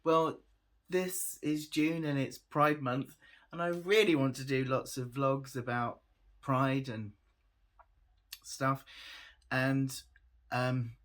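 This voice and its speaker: A tired male vlogger chats casually to his camera in a medium-pitched, steady, fairly bright voice, speaking slowly with long pauses. He laughs often, pokes fun at himself, and trails off.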